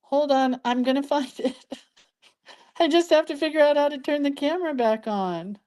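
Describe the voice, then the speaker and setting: A woman's voice: high voice, moderate pace, a little mellow. Chatty older woman teaching doodling. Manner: chatty, self-deprecating, laughs at her own mistakes. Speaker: hand-lettering and doodling teacher. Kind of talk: casual live drawing tutorial.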